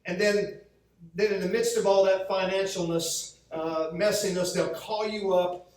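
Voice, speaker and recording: In a fairly even, high voice, a little on the slow side, a man preaches as a pastor, mixing humorous stories with acted-out quotations. The recording comes from a very echoey church sanctuary with the mic well back.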